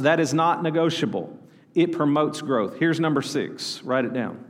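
A man's voice: fairly high pitch, expressive, moderate pace. A male pastor, preaching a sermon and calling on the congregation to answer back. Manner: preaching, calls out to congregation for responses. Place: church sanctuary. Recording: long hall reverb.

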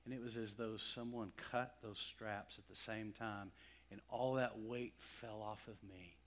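Middle-aged guy from west texas giving a sermon, gets loud then goes real quiet. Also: fairly low pitch, fairly even intonation, a little slow, background noise. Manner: dramatic swings from loud emphasis to hushed near-whispers. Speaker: pastor.

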